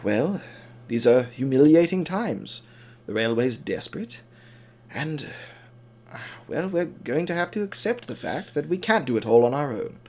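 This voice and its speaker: A man voicing a weary, gentle old male steam engine, speaking softly and tiredly. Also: mid-range voice, sing-song, a little slow, a little hiss or hum. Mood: resigned.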